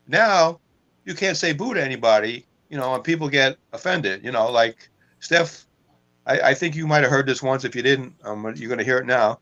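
A man's voice: medium pitch, lively intonation, moderate pace, bright, forceful tone, muffled recording. A man co-hosting a casual podcast, telling long rambling anecdotes and laughing at his own jokes. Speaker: co-host.

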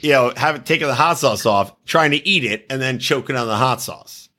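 A man hosting a crude comedic podcast chat, animated, mocking and swearing freely. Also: medium pitch, brisk.

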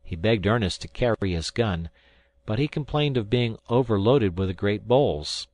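A man reading a first-person story aloud in measured storytelling. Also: on the low side, expressive, a little mellow. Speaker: audiobook narrator. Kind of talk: scripted first-person narration.

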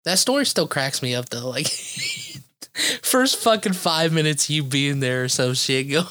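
A man's voice: fairly high pitch, huge pitch swings, unhurried, bright, forceful tone, dry recording. A young man in casual chat, laughing a lot as he retells a friend's story.

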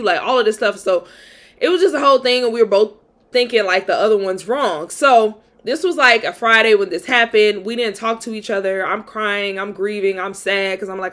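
A woman's voice: mid-range voice, a little fast, a bit bright. Young woman host, candid storytime monologue, chatty with fillers. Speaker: podcast host.

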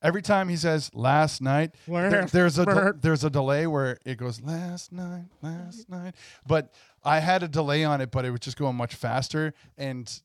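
A man's voice: a little high, normal speed, few pauses, no echo, clean studio sound. A man chatting casually on a podcast as the musician guest, hesitant and restarting often. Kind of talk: casual chat.

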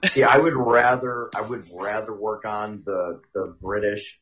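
A man's voice: lowish voice, fairly even intonation, unhurried, fairly bright tone, muffled recording. A man co-hosting a crude comedy podcast, reacting with dry teasing remarks. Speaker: podcast co-host.

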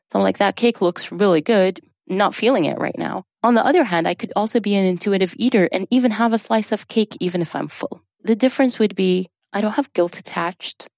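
A woman's voice: medium pitch, a little mellow, no echo, studio quality. A woman, a drama therapist, talking as a guest in a casual interview, explaining earnestly and laughing easily.

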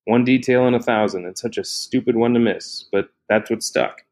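An audiobook narrator with a mid-range voice reads a novel aloud. His scripted storytelling is even and measured.

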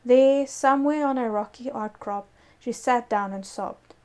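A woman's voice: a little high, a little slow, darkish tone, smooth. A woman telling a local ghost story in casual chat, breaking off to explain words. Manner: reads a story with laughing asides.

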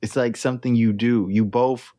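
A man's voice: mid-range voice, fairly even intonation, normal speed, dark tone, dry recording, studio quality. A man co-hosting a podcast in casual chat, laid-back, laughing often and pushing back on his friend. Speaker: podcast co-host.

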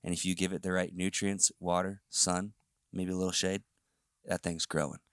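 A man's voice: deep voice, flat delivery, moderate pace, a bit bright, no echo, clean studio sound. A man co-hosting a church podcast, talking in a casual, upbeat way with easy fillers. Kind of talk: faith podcast conversation. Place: studio. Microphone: podcast microphone.

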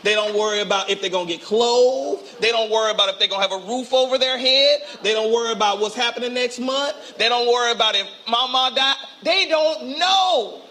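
Brief: high-pitched bright male pastor, lively call-and-response sermon, acts out voices. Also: a little fast, hardly any pauses. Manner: animated call-and-response preaching, acts out quotes. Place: church sanctuary.

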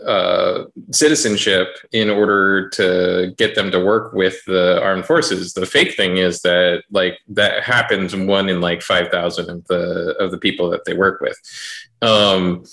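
Man, fairly low voice, earnest and critical, speaking haltingly over a video call. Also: fairly even intonation, creaky, fairly bright tone. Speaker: panelist. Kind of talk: casual group chat.

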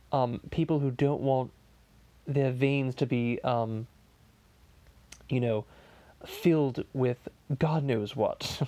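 Stewie, as a man puts him on, gravelly and crude. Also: mid-range voice, warm tone, no room sound. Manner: profane, rambling, stammering restarts. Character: Stewie as a crude, ranting male podcaster. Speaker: podcast host. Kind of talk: comedic podcast monologue.

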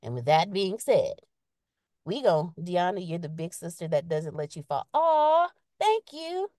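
Lively woman chatting on a podcast. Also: lowish voice, a little slow, no echo, clean studio sound. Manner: lively, expressive, reads viewer comments aloud. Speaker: podcast co-host reading chat comments. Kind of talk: casual live-stream chat.

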